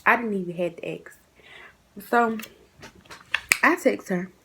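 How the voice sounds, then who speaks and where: A young woman telling a story in a casual vlog, chatty and animated, acting out what people said. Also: mid-range voice, takes it slowly, slightly rough. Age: young adult. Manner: chatty, animated, acts out quotes in shifting voices.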